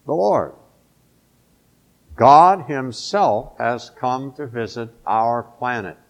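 A man's voice: medium pitch, expressive, takes it slowly. A male pastor preaching a sermon, emphatic, drawing out key words.

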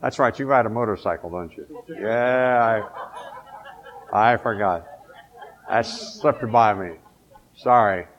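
Low, slow-speaking male preacher. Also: muffled recording. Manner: conversational preaching, asks the congregation questions. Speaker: pastor. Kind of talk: sermon.

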